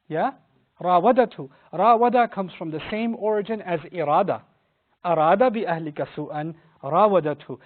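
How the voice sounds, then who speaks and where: A man gives an energetic lesson on scripture and throws himself into the quotes he acts out. His voice sits high for a man. The sound is thin and tinny, like a phone line. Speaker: Quran teacher. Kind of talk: animated lecture on scripture.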